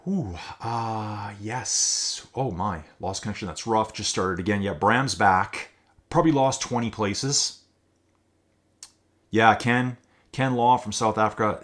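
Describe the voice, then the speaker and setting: A man's voice: on the low side, a bit bright. A man hosting a live stream, giving upbeat, chatty commentary on a virtual cycling race and reading out rider names and viewer chat as he goes. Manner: chatty, upbeat, keeps addressing viewers as folks; reads viewer names and chat aloud on the fly. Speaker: race commentator and channel host.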